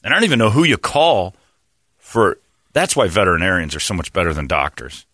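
Fairly quick in delivery, this middle-aged radio host fills his casual show with profane, animated rants, swinging in pitch and cracking himself up. There's no room sound, and the quality is studio-grade.

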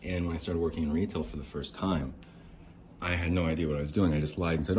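A man hosting a podcast, ranting in exasperation, swearing and swinging between low mutters and sharp outbursts. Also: steady tone, quick pace, slight background noise. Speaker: podcast host. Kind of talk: angry ranting monologue. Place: home near a window.

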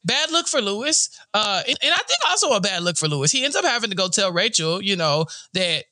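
Animated, high-voiced man recapping TV. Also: a little fast, no echo, studio quality. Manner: animated, joking, acts out characters in quotes. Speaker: podcast co-host. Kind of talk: casual TV recap chat.

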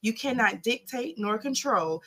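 A woman's voice: fairly high pitch, animated, measured pace, fairly bright tone. A woman on a podcast in casual chat, earnestly giving relationship advice. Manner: earnest, advising, calls others boo. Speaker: podcast co-host.

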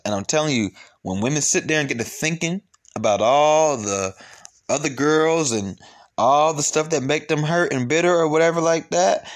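A man hosting casual reaction commentary, talking loosely in slang with laughing asides. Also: a little high. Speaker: commentary host.

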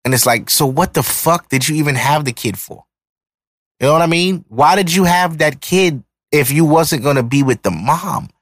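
A man's voice: fairly high pitch, normal speed, no room sound. A man in his thirties hosting a podcast, ranting in a heated, profane, emphatic monologue. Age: 30s. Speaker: podcast host.

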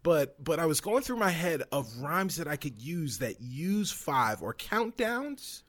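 A man's voice: a little high, very animated, unhurried, a bit bright. A man co-hosting a podcast, laughing and poking fun at himself; he is from Chicago. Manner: laughing, self-mocking. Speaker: podcast co-host. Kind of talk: casual chat.

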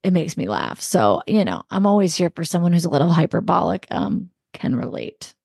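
Easygoing lower-voiced woman co-host. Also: big pitch swings, fairly quick, gravelly, darkish tone, slightly rough, no echo, clean studio sound. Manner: reflective, easygoing, laughs lightly. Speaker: podcast co-host. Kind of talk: casual chat.

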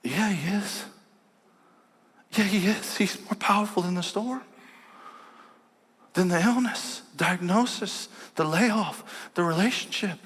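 A man's voice: high voice, measured pace, a bit bright, slightly rough. A man preaching a sermon as a pastor, telling a story and quoting his family along the way. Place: church sanctuary. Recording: long church hall reverb.

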